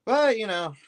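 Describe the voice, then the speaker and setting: A man chatting casually on a live stream while building a brick set, rambling loosely and often trailing off mid-thought. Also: high voice.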